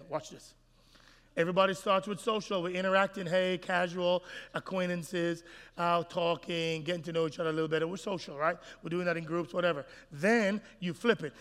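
Give me an animated male pastor preaching emphatically, his voice ringing through a reverberant hall. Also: sits high. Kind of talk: sermon. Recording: echoey hall.

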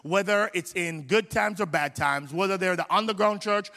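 Here a high-pitched male pastor sounds pushed and bright, keeping a moderate pace. He preaches live in a reverberant, large church hall, mixing fervor with a chatty tone and frequent repetition.

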